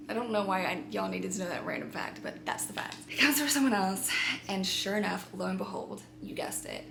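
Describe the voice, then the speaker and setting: A woman vlogger chatting through a story for her viewers, lively and talkative. Her voice has a gravelly fry to it. It sounds recorded in an echoey room at home, with a faint hiss behind. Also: mid-range voice. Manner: animated, chatty, addresses viewers as you guys.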